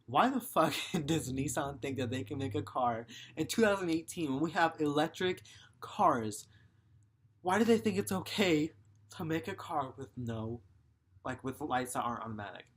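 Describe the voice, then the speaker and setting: A man's voice: a little high, animated, normal speed, slightly rough. A young man talks straight to his viewers in a heated vlog rant. He swears freely and rambles from one complaint to the next, sounding fed up. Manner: frustrated, profane, rambling. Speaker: vlogger. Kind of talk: ranting vlog.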